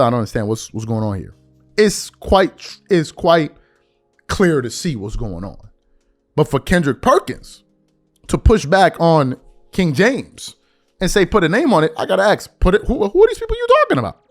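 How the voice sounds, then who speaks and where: A man hosting a sports podcast, giving an opinionated rant full of repeated rhetorical questions. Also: medium pitch.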